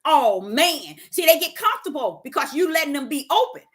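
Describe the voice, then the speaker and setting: A woman, talking in a casual spiritual monologue, preachy, with sudden high exclaims and low quoted voices. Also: big pitch swings, brisk, a bit bright. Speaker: host.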